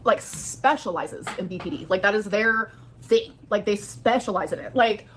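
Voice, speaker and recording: A woman's voice: medium pitch, normal speed, a bit bright, slight background noise. A young woman vlogging to her viewers, chatty and rambling, filling her speech with "like" while she does her makeup. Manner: chatty, rambling, heavy use of "like". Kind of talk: casual vlog talking to viewers.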